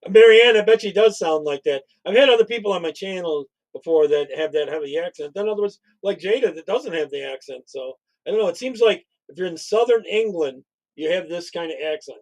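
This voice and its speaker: A man's voice: high voice, animated, a little fast, rough recording. A man co-hosting a casual political commentary stream, talking in a blunt, opinionated, conversational way.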